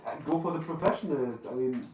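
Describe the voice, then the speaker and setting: Speaking at a quick pace in a mid-range voice, a man with a German accent hunts for his words as a guest in a live podcast interview. The sound comes from a distant mic in a roomy live venue, with faint room noise.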